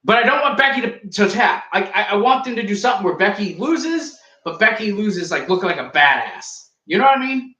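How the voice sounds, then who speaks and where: Brief: young male podcast co-host, high bright voice, boastful and ranty, roomy echo. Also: animated, a little fast, hardly any pauses. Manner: boastful, joking, ranting. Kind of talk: casual wrestling review chat.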